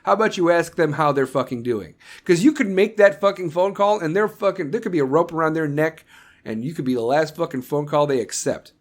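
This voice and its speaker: A man's voice: a little high, a little fast. A man who is an American combat veteran, hosting a solo podcast and ranting with heavy profanity. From United States. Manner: mocking voices when quoting others. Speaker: podcast host.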